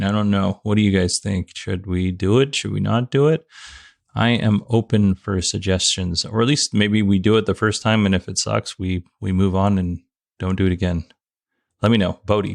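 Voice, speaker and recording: Male podcast host, low and gravelly, prone to giggles, casual solo talk. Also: no room sound, studio quality. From United States. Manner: giggly, breaking into laughter.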